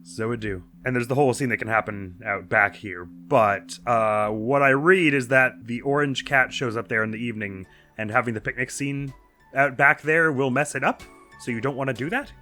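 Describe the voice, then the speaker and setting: A man's voice: medium pitch, normal speed, bright, forceful tone, soft background music. A man giving chatty, wry commentary while he plays a video game, thinking aloud as he goes. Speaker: let's play host. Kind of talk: casual gameplay commentary.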